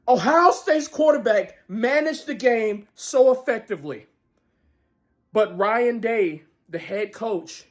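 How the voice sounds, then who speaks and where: A man ranting about a football game as a fan vlogger, profane, swinging between shouted outbursts and low muttering. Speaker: sports vlogger. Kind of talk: angry fan rant.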